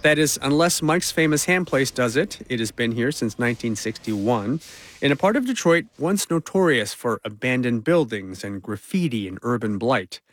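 A male reporter narrating a news feature in a measured, conversational way. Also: medium pitch, animated, no echo.

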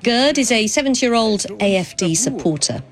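A woman correspondent delivering a field news report in a clear, lively voice. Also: on the high side, moderate pace, over music. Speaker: foreign correspondent. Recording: outdoors with crowd behind.

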